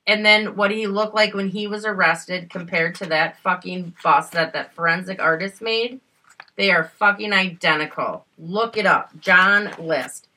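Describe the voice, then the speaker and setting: Podcast lady ranting hard, cusses constantly, sharp bright tone, middle pitch. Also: rough recording. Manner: heated, swears a lot. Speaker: podcast co-host. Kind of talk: casual true-crime chat.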